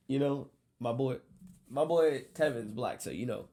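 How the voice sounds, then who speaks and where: A man casually telling a story, animated and profane, acting out what people said. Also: mid-range voice, a little slow, gravelly. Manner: animated, profane, acts out quotes.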